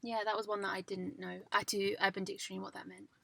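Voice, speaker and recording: A woman's voice: medium pitch, level tone, quick pace, creaky, sharp tone. A young woman co-hosting a casual chat, candid and self-mocking, often amused. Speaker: podcast co-host. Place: parked car.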